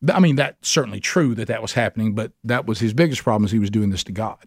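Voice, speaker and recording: In a dry, studio-quality recording, a man with a fairly low voice talks fast. His sermon for a men's Bible study comes in a Southern US accent, delivered with earnest, emphatic preaching that jumps up suddenly on stressed points.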